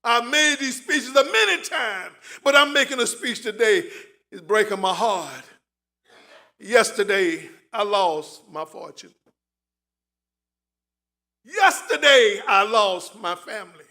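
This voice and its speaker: A man's voice: sits high, lively intonation, slow pace, creaky, pauses often, sharp tone, pitched above the performer's own voice, exaggerated voice. A man playing a suffering righteous old man who laments his losses in a dramatic first-person sermon monologue. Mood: grieving.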